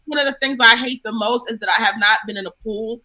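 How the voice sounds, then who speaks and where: Female comedian guest, bright forceful voice, theatrical storyteller. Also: on the high side, fast talker, poor audio. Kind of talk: casual comedic chat.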